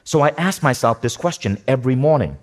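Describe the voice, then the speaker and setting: A man giving a motivational talk to a live audience, energetic, asking the room questions and repeating key phrases. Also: medium pitch, a little fast. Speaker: speaker teaching a workshop.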